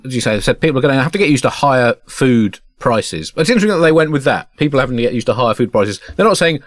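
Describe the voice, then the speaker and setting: A man's voice: medium pitch, animated, fast talker, hardly any pauses, no echo. Wry man hosting a comedy podcast. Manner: wry, pun-heavy, mock-pompous delivery. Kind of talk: satirical comedy podcast chat.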